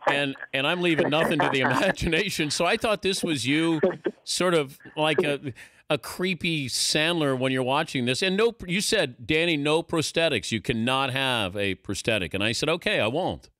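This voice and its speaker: A man's voice: a little high, moderate pace, bright, forceful tone, dry recording. A man in his fifties hosting a radio show, bantering with his guest in a wry, teasing way. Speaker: radio host. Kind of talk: casual radio interview.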